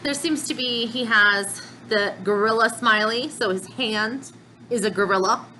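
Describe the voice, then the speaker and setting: Slow easygoing lady reading manga panels out loud and commenting, bit of faint noise behind. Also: a little high, poor audio. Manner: measured, thinking aloud between panels. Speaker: manga reaction channel host.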